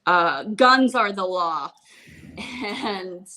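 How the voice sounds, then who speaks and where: Young woman from Ukraine, deadpan comic guest, video call from a home room. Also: medium pitch, very slow. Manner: wry, deadpan jokes. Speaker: comedian guest. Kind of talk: casual video-call interview. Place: home room being turned into a studio. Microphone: laptop or phone on a video call.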